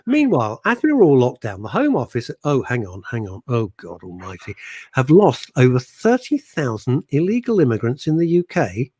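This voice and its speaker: A man's voice: mid-range voice, wildly swooping pitch, normal speed, darkish tone, breathy edge. A man hosting a radio show, blunt and jokey as he reads out listener messages. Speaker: radio host. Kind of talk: casual radio chat.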